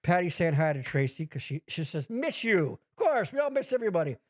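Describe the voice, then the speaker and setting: A man hosting a podcast, rambling in casual profane chat with big swings in pitch. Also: quick pace. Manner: rambling, swears constantly, animated swings in pitch. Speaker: podcast host.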